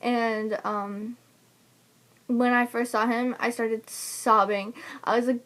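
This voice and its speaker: A woman's voice: fairly high pitch, flat delivery, slow pace, fairly bright tone. A young woman casually telling the story of giving birth, chatty and laughing often between fillers. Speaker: new mother telling her birth story. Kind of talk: casual personal vlog storytelling.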